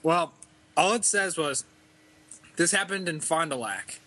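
With a fairly high, bright, forceful voice and lively intonation, this young podcast co-host takes his time reading strange news items out loud. Slight background noise is audible, and he keeps giggling and tripping over words.

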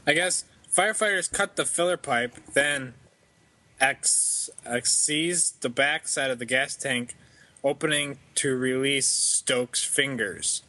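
A man's voice: mid-range voice, slow pace, bright, forceful tone. A young man co-hosting a casual podcast, reading odd news stories aloud and giggling and stumbling over the words. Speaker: podcast co-host.

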